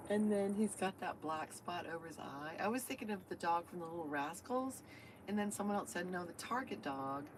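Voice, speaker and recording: Chatty woman, live-stream vlogger in a van, slightly low voice, steady vehicle hum behind. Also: a little fast. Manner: chatty, talks to viewers and her dog. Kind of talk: casual live-stream chat. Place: inside her van.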